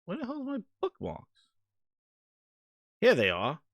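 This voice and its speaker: Excitable, lively-voiced stream host. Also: male voice, high-pitched, measured pace, no room sound, clean studio sound. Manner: rambling, excitable, swears casually. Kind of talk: casual live-stream chat.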